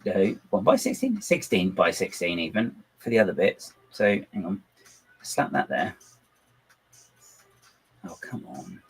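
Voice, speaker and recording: Speaking from home on a casual livestream, the man rambles and mocks himself as he builds models on his computer, addressing both himself and his dog. His voice sits low with wildly swooping pitch, a breathy edge, a slightly slow pace, and frequent pauses. Faint music plays behind the low-quality recording.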